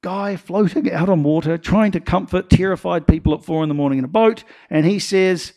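NZ-male pastor, animated sermon storyteller, slightly higher voice. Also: moderate pace, hardly any pauses. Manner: animated storytelling with acted-out quotes.

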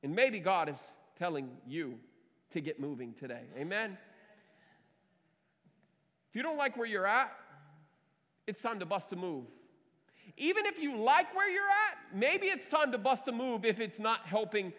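High-voiced man preaching a sermon. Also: expressive, normal speed, pauses often, a bit bright. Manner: conversational, emphatic. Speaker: pastor. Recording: reverberant hall, dull lo-fi sound.

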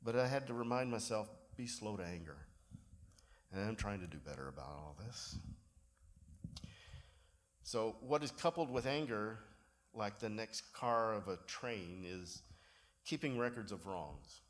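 A man delivers a sermon from the pulpit. His voice sits a little low, and he tells everyday stories in a relaxed way, poking gentle fun at himself as he goes. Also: a little slow, long pauses. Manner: relaxed storytelling with self-deprecating humor. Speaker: pastor.

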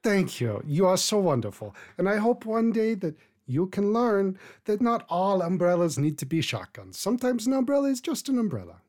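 Casting: performer playing a genteel lady past eighty, mid-pitched, formal and gracious, with a wandering accent. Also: sing-song, moderate pace, hardly any pauses, darkish tone. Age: older. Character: elderly female labor organizer, over eighty, gracious.

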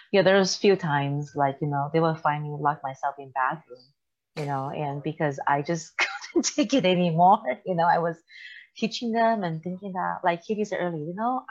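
A woman's voice: lowish voice, dull audio. A middle-aged woman hosting a casual faith talk, telling stories with lots of laughter. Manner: animated storytelling, laughs often.

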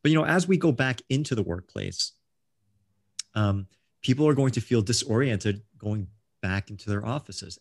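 A man's voice: medium pitch, no room sound, clean studio sound. A middle-aged man hosting a casual interview, rambling with many ums and restarts. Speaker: host.

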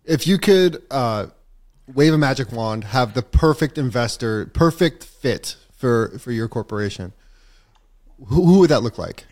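A man hosting a casual podcast interview, encouraging his guest and sometimes dropping into low asides. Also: expressive, a little slow, darkish tone. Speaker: podcast host.

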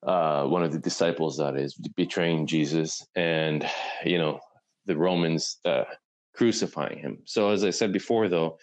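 Low-voiced man; loose, rambling conversational storyteller. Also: a little mellow, rough recording. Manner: rambling retelling, full of "like" and "right?". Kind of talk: casual conversation.

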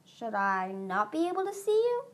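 A woman's voice: on the high side, wildly swooping pitch, normal speed. A woman voicing an eager, cheerful young male dragon in a storybook reading, chatty and easygoing.

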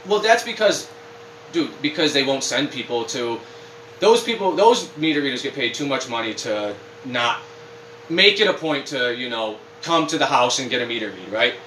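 Recorded from a distance in a roomy, echoing space with faint ambience and a little hiss or hum, a man co-hosting a casual podcast rants at moderate pace. His medium-pitched voice rambles, animated and profane.

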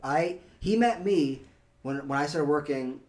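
A man hosting a casual chat, telling stories with laughs and quick impressions of coworkers. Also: fairly high pitch, a little mellow. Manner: storytelling, laughs often, imitates coworkers. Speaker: podcast host.

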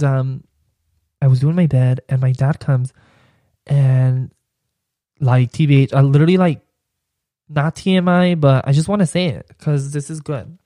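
A man's voice: mid-range voice, dark tone, dry recording. A young man, a podcast host, telling a personal story in a casual, rambling way and filling his speech with "like". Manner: rambling, heavy use of "like" as filler.

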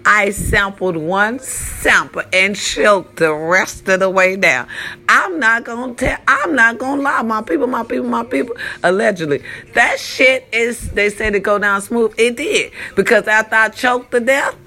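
An older woman telling a dramatic story to her viewers, animated, swearing freely and drawling for emphasis. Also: a little high, unhurried. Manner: talks straight to her viewers. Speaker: vlogger. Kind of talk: storytelling vlog.

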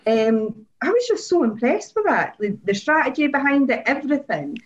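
A woman chatting excitedly on a podcast, gushing and laughing often. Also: high voice, moderate pace, highs cut off. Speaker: podcast co-host. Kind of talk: casual chat about motor racing.

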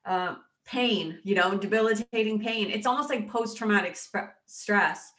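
A woman guest in an interview, speaking haltingly and choked up, with many restarts. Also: mid-range voice, a bit bright, reverberant. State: choked up with emotion. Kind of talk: emotional personal interview.

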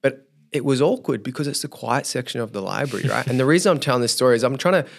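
A young man who works as a youth leader tells a story on a podcast, dramatizing his own inner thoughts with lively energy. His mid-range voice is creaky and fast.

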